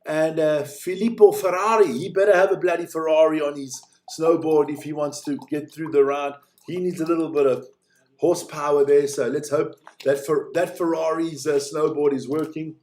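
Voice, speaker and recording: A fairly high-voiced man hosts a live watch-along stream, calling snowboard races in a loose, jokey way. He chats casually between heats and gets excitable once a race is under way. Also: normal speed. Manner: chatty, joking, excitable during races.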